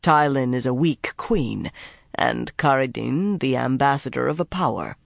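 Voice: mid-range voice, unhurried, creaky, no echo, pitched below the performer's own voice. A narrator voicing a gnarled, white-haired old man who speaks dryly with worn-thin patience, in a dry, close recording. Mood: musing. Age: over 60. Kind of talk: audiobook character voice.

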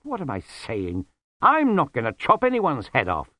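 A man's voice: medium pitch, huge pitch swings, moderate pace, bright, forceful tone, no echo, voice pushed up, exaggerated voice. A man doing a flustered young monk. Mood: incredulous. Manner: raised, incredulous, earnest.

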